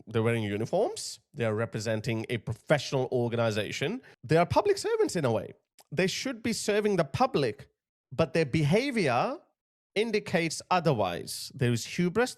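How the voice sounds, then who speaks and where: A male commentator giving emphatic, indignant opinion commentary on a video he plays. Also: on the high side. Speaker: political commentator.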